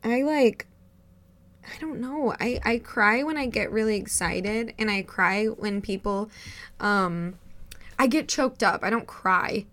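Bright-voiced chatty woman podcaster. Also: mid-range voice, takes it slowly. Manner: chatty, emotional, laughs often. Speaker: podcast co-host. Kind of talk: casual podcast chat.

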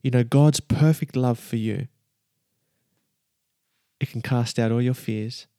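A man's voice: medium pitch, slow, warm tone, smooth, no echo. A man delivering a sermon in a mid-range voice, fervent and emphatic, repeating phrases as his energy builds. The recording is close and dry, with no room sound. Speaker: preacher.

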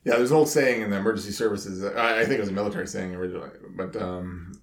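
Gravelly low-voiced firefighter host. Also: male voice, very fast, roomy sound. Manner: relaxed, rambling, laughs between words. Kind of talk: casual chat.

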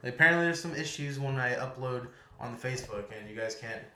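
A man's voice: medium pitch, fast, bright, forceful tone, slight background noise. Man, podcast co-host, easygoing, casual chat, echoey room.

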